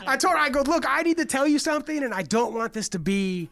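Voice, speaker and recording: A man's voice: extremely high pitch, animated, quick pace, creaky, a bit bright. A man in his forties telling a rambling story on a casual podcast, full of fillers and swearing. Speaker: co-host.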